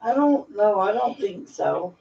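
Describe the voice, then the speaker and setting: A woman's voice: mid-range voice, lively intonation, unhurried, creaky, mellow. A woman in a casual livestream chat, playful and joking. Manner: playful, joking, sing-song. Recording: roomy, distant, dull, faint noise.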